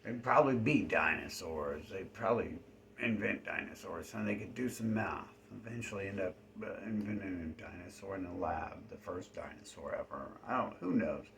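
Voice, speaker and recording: A man talking to camera in a rambling, profane solo monologue, now and then dropping into hushed asides. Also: deep voice, moderate pace, gravelly, a little hiss or hum.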